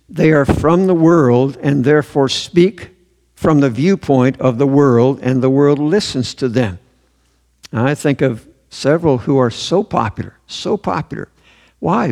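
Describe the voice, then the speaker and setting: A man's voice: mid-range voice, a little mellow. A man preaching a sermon in a church, earnest and emphatic, repeating his key phrases. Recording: long hall reverb.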